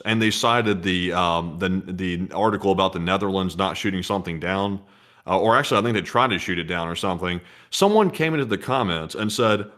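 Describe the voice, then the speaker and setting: A man's voice: low-pitched, animated, normal speed, fairly bright tone. A man co-hosting a casual news commentary stream, reading viewer donations in a wry, conversational way.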